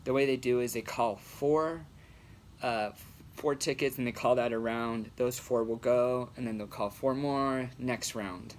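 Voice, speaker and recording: A young man, an amateur comic, telling a story in a relaxed, slangy way with plenty of swearing. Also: mid-range voice, a little slow, a little hiss or hum. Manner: laid-back, slangy, swears freely. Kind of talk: casual storytelling.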